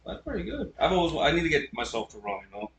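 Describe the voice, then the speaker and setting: A man in his twenties hosting a casual chat, laid-back and quick to agree. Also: fairly high pitch, wildly swooping pitch, fairly bright tone, recorded from a distance. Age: 20s. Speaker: podcast host. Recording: echoey room with faint background noise.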